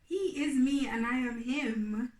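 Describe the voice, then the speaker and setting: A woman talking candidly in casual chat about what she has learned in her marriage, getting animated when she acts out old complaints. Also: high voice, slow pace, far from the mic. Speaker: wife co-hosting a marriage video. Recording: echoey room, voice a bit off-mic.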